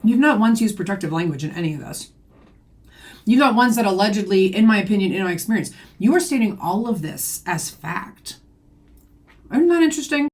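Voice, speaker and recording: A woman's voice: medium pitch, expressive, fairly quick. A young woman giving indignant reaction commentary on her channel, firing off rhetorical questions. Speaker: YouTube commentator.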